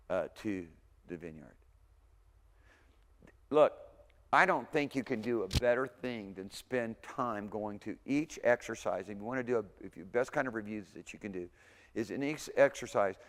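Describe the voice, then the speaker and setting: A man giving a language lecture, chatting casually, sounding out words slowly and often checking in with okay. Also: medium pitch, big-room sound. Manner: conversational, repeats words slowly for pronunciation, frequent okays. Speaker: Hebrew instructor. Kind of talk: recorded university lecture.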